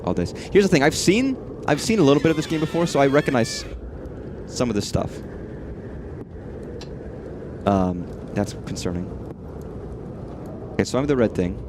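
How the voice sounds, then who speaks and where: Streaming a horror game, a man rambles and swears freely while talking to the things on screen in casual commentary. His mid-range voice is lively and brisk, with background noise.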